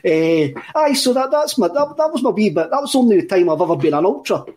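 A Scottish man with a fairly high voice tells a story on a podcast in a loose, rambling way. He stumbles over and repeats his words and laughs often as he talks. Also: very animated, fast talker, darkish tone. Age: 30s. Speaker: podcast co-host. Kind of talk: casual storytelling chat.

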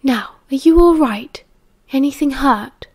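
A woman with a British accent reading the lines of a kindly, motherly older woman in an audiobook, speaking very quietly. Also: high voice, animated, unhurried. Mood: gentle. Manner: very quiet, soft-spoken.

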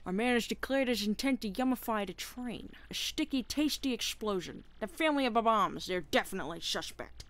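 A woman's voice: on the high side, animated, brisk, few pauses, a bit bright, pitched above the performer's own voice. A woman voicing a pompous, self-assured male penguin detective who speaks in a formal, theatrical way.

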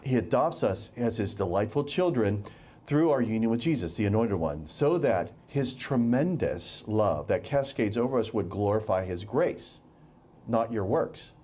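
A man's voice: lowish voice, animated, moderate pace, mellow. A man preaching a sermon, emphatic and repeating words for stress.

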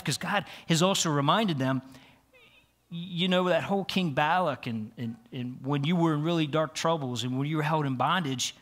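Earnest male pastor with a higher voice. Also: moderate pace, a bit bright. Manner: earnest, repeats words and restarts phrases. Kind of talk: conversational sermon. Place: church sanctuary.

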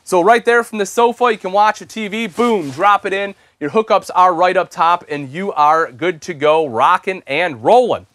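A man's voice: high-pitched, normal speed, few pauses, a bit bright, no echo. A young man hosting an RV show, giving an enthusiastic, chatty sales walkthrough inside a travel trailer and calling viewers "folks". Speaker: RV show host.

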